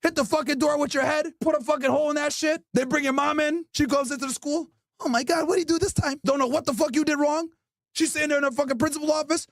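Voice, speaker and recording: A man hosting a podcast, loudly and profanely roasting people with mocking, animated comedy. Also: very high-pitched, fast talker, no room sound, clean studio sound. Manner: loud, mocking, animated, swears constantly. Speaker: podcast host.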